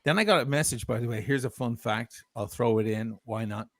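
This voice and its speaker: A man's voice: medium pitch, brisk, no room sound, clean studio sound. A man telling a heated, profane story of grievance as a guest on a livestream. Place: lives in Italy.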